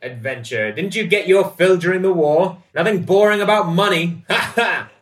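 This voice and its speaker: A man's voice: sits high, animated, normal speed, fairly bright tone. A man playing a blustering jovial seal hunter. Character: hearty male seal hunter, jovial ex-soldier. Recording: roomy, distant mic.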